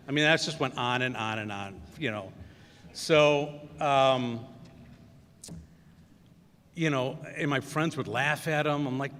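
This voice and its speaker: A man's voice: medium pitch, moderate pace, fairly bright tone, slight background noise. A middle-aged man, giving a commencement speech full of self-deprecating, anecdotal storytelling and many fillers. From Wisconsin. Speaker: commencement guest speaker. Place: school ceremony hall. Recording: echoey hall reverb.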